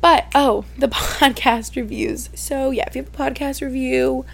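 Young woman podcaster just chatting, kinda high voice with lots of vocal fry, says like constantly. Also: steady tone, normal speed. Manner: rambling, heavy use of "like", openly emotional. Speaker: podcast host. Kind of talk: casual solo chat.

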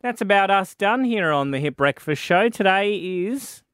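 A man's voice: sits high, lively intonation, a bit bright, clear, resonant tone, dry recording, studio quality. An Australian man hosting a breakfast radio show, chatting with callers and a co-host in a teasing, joking way. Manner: teasing, joking, quick banter. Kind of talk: casual radio banter. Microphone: studio microphone.

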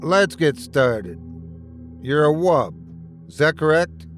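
A man's voice: on the high side, big pitch swings, takes it slowly, a bit bright, soft background music, voice pushed up, heavily acted. A man playing a blunt, impatient ship captain who gives orders. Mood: commanding. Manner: commanding and impatient.

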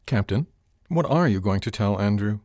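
A man's voice: lowish voice, expressive, moderate pace, a little mellow, no room sound, studio quality. A man reading an audiobook, voicing an eager, polite young woman of the crew who calls her captain sir. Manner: polite, deferential, addresses with sir.

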